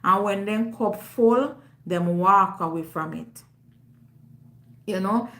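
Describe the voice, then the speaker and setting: A Jamaican woman hosting a live stream, talking in a loud, emphatic, forthright way. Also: medium pitch. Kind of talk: casual live-stream chat. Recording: roomy echo.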